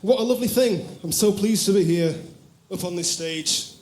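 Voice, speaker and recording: A man's voice: sits high, normal speed, darkish tone, slight background noise. A man from Barnsley with a strong Yorkshire accent, talking dryly between songs on stage and then singing lead with a band. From Barnsley, England. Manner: dry self-deprecating humour. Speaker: band member, lead singer. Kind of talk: live stage banter and singing. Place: live music venue on stage. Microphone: stage microphone. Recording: live concert with echo and band music.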